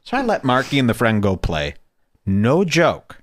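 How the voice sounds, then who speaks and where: A young man riffing through crude, comic stories on a podcast, his pitch swinging widely as he tells them. The sound is dry and close to the mic, and he often drops into silly put-on voices. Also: huge pitch swings, normal speed, dry recording. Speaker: podcast host. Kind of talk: casual comedic storytelling.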